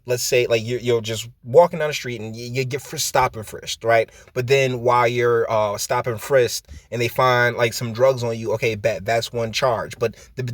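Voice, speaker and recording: A man's voice: medium pitch, no echo, studio quality. A man hosting his own channel, giving casual spoken commentary with lots of fillers and the odd chuckle. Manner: conversational, loose, with frequent fillers and chuckles. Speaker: channel host.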